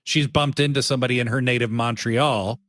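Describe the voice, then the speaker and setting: A man's voice: medium pitch, steady tone, fairly quick, fairly bright tone, no echo. A man co-hosting a casual podcast, jokey and theatrical, often mock-offended. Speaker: co-host.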